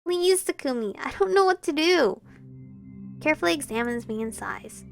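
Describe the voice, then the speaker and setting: A woman reading a visual novel game aloud with expressive, emotional delivery, breaking into giggles and excited reactions. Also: sits high, moderate pace, vocal fry, music in the background. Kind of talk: dramatic game read-through with asides.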